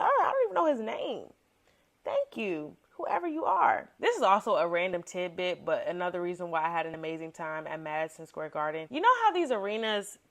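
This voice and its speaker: A young woman hosting a podcast, telling a story at her own middle pitch. She talks in a casual, slangy way and acts out quotes with sudden jumps in her voice. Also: fairly bright tone. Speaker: podcast host.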